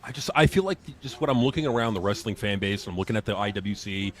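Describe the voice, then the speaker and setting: A man's voice: fairly low pitch, lively intonation, quick pace. A man co-hosting a live wrestling reaction, ranting bluntly with lots of swearing. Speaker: co-host. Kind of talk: casual live reaction chat.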